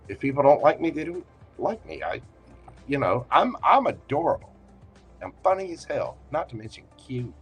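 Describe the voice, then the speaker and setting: Southern man, husky voice, folksy livestream host, joking and reassuring, soft music underneath. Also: on the high side, big pitch swings, moderate pace. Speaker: tarot reader and livestream host. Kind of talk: casual livestream reading.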